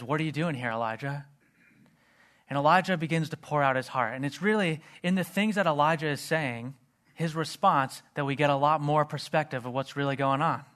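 A man preaching a sermon in an earnest voice, reading scripture low and quiet. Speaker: pastor.

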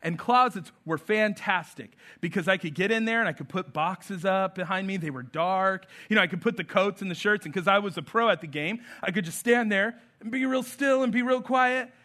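A man in his thirties preaching a sermon, telling stories with lively acted-out voices. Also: high voice, moderate pace, hardly any pauses. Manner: storytelling, animated, acts out voices. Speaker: pastor.

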